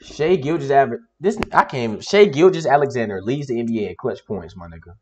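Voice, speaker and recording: A young man hosting a casual basketball reaction video, talking in animated, slangy street speech full of swearing. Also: quick pace, lo-fi sound, a little hiss or hum. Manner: animated, swearing, slangy street talk, rising to high shouts.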